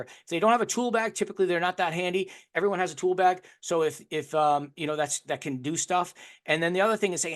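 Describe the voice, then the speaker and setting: Energetic man teaching, fairly high voice. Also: fast. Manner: energetic, repeats words and restarts often. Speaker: course instructor. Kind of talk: unscripted teaching talk.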